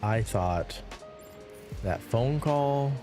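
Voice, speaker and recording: A man's voice: mid-range voice, expressive, very slow, music in the background. A man streaming a building game, rambling casually and reading viewer chat aloud between giggles.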